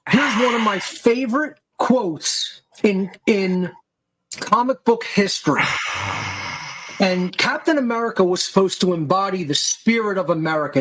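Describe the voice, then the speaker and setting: High-voiced man ranting with profanity. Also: poor audio. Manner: aggressive, insulting, heavily profane ranting. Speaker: podcast host. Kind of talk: profane angry monologue.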